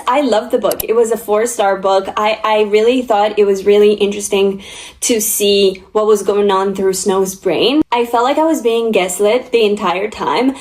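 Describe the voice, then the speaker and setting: A woman's voice: mid-range voice, a little mellow. A young woman vlogging about books, talking in a chatty, gushing and emotional way. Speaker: book vlogger. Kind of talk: casual chat.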